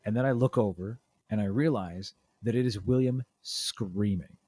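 Animated dad telling a family story. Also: male voice, normal speed, slightly rough, dry recording. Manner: animated storyteller, acts out quotes with big pitch jumps. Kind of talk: casual chat.

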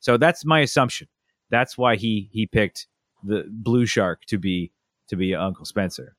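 A young man telling family stories in a relaxed chat, acting out a toddler's lines with lots of energy. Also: on the low side, unhurried, no echo, studio quality. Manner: animated storyteller, acts out a toddler's voice. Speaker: podcast co-host. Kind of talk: casual storytelling chat.

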